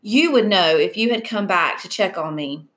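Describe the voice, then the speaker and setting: A woman's voice: mid-range voice, expressive, normal speed, a bit bright, close to an everyday voice. A woman reading aloud as a defensive, stubborn teenage girl in a family argument. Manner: insistent, spiteful edge.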